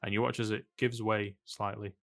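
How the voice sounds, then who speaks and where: A man running a tabletop game as game master, relaxed and laughing, with many fillers. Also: on the low side, normal speed, no echo.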